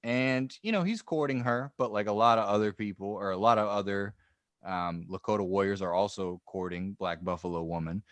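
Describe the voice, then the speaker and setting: Deep-voiced man rambling through history. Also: a little fast, no room sound. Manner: rambling, joking, many restarts. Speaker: podcast co-host. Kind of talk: casual history podcast chat.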